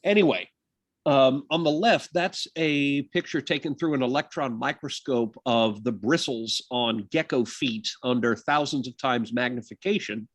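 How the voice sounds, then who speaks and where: A man's voice: medium pitch, unhurried, no echo. A man giving a college biology lecture in a conversational way, with many fillers and joking asides. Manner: conversational, lots of uh and um, self-deprecating asides. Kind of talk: university lecture.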